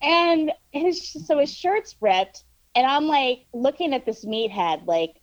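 A woman telling a story in casual chat, animated and full of fillers, swearing freely. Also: a little high, normal speed, no room sound, dull audio. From New York. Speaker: guest storyteller.

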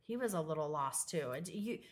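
A woman's voice: low-pitched, expressive, fairly quick. A woman co-hosting a casual podcast, telling a workplace story with lots of swearing and acted-out voices. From Southern California. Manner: swears freely, tells stories with loud laughing impressions. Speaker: podcast co-host. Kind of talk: casual chat.

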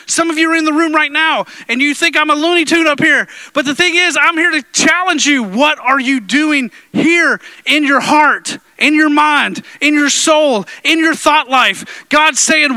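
Man preaching a sermon, high bright voice, close dry sound, playful with the congregation. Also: moderate pace, hardly any pauses, no echo. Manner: playful, jokes with the congregation, drops into deep impressions. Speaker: pastor. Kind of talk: energetic sermon. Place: church sanctuary.

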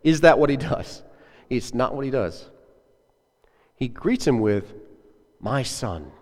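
A man's voice: mid-range voice, lively intonation, a little slow, darkish tone. A man preaching a sermon as a pastor, earnest and conversational, putting questions to his listeners. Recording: echoey hall with long reverb.

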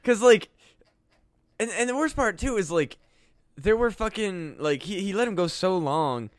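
A man's voice: high voice, lively intonation, unhurried, no echo, clean studio sound. Foul-mouthed ranting young man. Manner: swears constantly, rants heatedly. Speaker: podcast co-host. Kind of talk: profane comedy podcast chat. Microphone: close podcast mic with headphones.

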